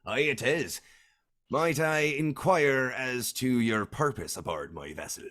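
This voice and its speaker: A man voicing a blunt male ship captain who talks in salty sailor speech, his voice pushed higher and louder than his own. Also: lively intonation, unhurried. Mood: gruff.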